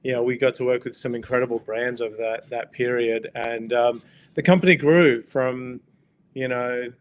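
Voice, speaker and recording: Male guest, Australian accent, relaxed and a little hesitant. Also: medium pitch, normal speed, slight background noise. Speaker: guest, company co-founder. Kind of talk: casual interview chat.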